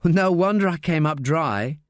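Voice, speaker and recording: A man voicing an evasive young husband, slow and coaxing. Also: fairly high pitch, lively intonation, no echo, clean studio sound, voice pushed up.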